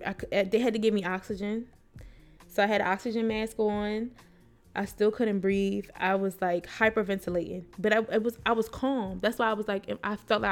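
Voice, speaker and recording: A young woman co-hosting a podcast, speaking in a frank, unfiltered way. She swears freely and slips into quick impressions of the people in her story. Faint music plays underneath. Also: mid-range voice. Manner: blunt, swears freely, acts out quotes of nurses and herself. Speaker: podcast co-host. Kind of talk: candid personal storytelling.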